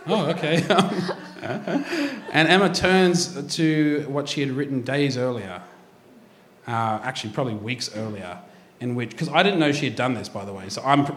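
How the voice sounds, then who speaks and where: A man hosting a casual chat, an animated storyteller who laughs often. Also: mid-range voice, a little hiss or hum. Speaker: host. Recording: echoey room with faint ambience.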